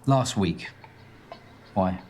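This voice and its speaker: Smug guarded young date, dry comebacks, deadpan. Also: male voice, low voice, very slow, a little hiss or hum, full character voice. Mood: flippant.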